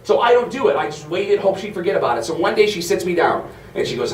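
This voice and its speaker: A man performing stand-up with a brash, foul-mouthed storytelling manner. His voice sits high for a man. The sound is roomy and a little distant from the mic. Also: very animated, quick pace, slight background noise. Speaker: stand-up comedian. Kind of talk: stand-up comedy set. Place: comedy club stage.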